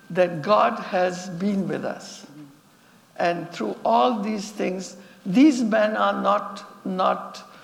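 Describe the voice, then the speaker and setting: A woman who founded a girls' school, telling stories to an audience in an animated way and repeating phrases for emphasis. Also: medium pitch, gravelly, long reverb tail. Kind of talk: storytelling talk to an audience.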